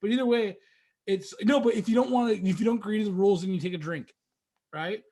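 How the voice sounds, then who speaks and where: A man's voice: high voice, quick pace. A young man hosting a podcast, telling drunk party stories casually and acting out the voices. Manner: animated, acts out voices in stories. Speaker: podcast host. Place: podcast room.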